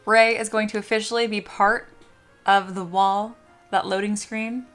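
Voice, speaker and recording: Young woman streamer, mid pitch, casual chat, acts all outraged, soft music underneath. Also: level tone, measured pace. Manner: dramatic mock outrage, swears.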